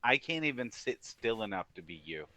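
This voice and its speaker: A man's voice: mid-range voice, big pitch swings, normal speed, sharp tone, no echo. A man co-hosting a podcast in casual chat, teasing his partner with dry jokes. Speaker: podcast co-host.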